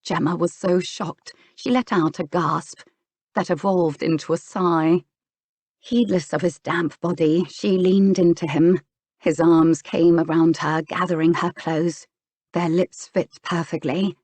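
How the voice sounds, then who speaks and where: A woman narrating a romance audiobook in an even storytelling manner. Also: fairly low pitch, a little slow, no room sound. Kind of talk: scripted narration.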